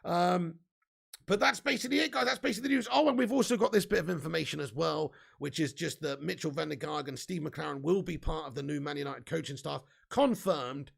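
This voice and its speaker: A chatty young man hosts a live fan news stream and reads out viewers' comments as they come in. His voice sits fairly high and carries a heavy gravelly rasp. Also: fairly quick. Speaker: fan channel host.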